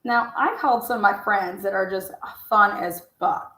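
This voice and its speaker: A woman's voice: mid-range voice, normal speed, bright, forceful tone. A woman giving casual, blunt and profane commentary while reading out messages, often talking back to herself. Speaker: true-crime commentator. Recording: roomy echo.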